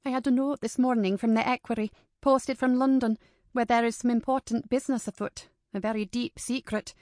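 Brief: woman narrator as steady, good-natured period mother, gently firm. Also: fairly high pitch, a little fast, dry recording, clean studio sound, close to an everyday voice. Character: calm, good-humoured mother and hostess.

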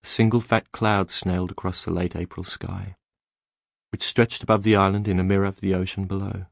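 A man narrating an audiobook in a measured, even storytelling manner, close to the mic. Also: low-pitched, gravelly, no echo. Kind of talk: scripted narration.

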